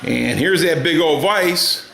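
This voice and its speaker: A man's voice: on the high side, slow pace, vocal fry, fairly bright tone, reverberant, faint music behind. A middle-aged man chatting casually and rambling through a story in his home garage, folksy and drawling. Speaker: garage hobbyist vlogger. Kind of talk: casual workshop chat.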